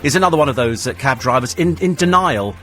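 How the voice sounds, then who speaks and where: A man's voice: mid-range voice, animated, fast talker, a bit bright, soft background music. A man hosting a talk radio phone-in, combative and sarcastic as he answers listener texts in a studio. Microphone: studio microphone.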